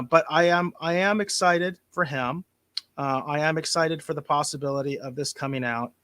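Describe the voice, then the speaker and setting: A man hosting a casual podcast chat, animated and opinionated, with big swings in loudness. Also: fairly high pitch, no room sound. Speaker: podcast host.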